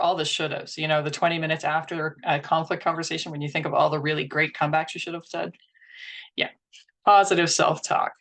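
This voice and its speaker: A woman's voice: on the low side, normal speed, fairly bright tone. A woman presenting a workshop in an earnest, instructional way, acting out inner thoughts as she teaches.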